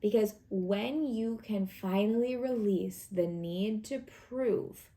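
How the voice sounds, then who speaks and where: A woman reads tarot for the week in a slow, mid-range voice. She keeps it casual and encouraging, chatting with lots of filler words and acted-out asides.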